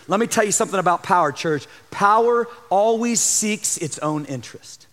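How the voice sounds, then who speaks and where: A man preaching a sermon as a pastor in a church, fervent, swinging between loud emphatic lines and hushed asides. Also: high-pitched, expressive, normal speed, few pauses. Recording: long hall reverb.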